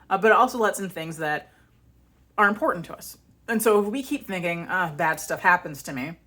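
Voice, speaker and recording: A woman vlogger and author telling a story in a casual, animated, chatty way. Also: on the low side. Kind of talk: casual chat.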